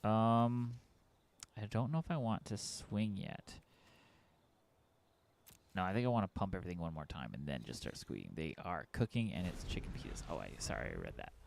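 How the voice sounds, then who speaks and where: A man's voice: deep voice, animated, moderate pace, gravelly, long pauses. A man streaming a card game, chatting casually with his viewers and muttering through his plays. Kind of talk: casual commentary while playing a card game.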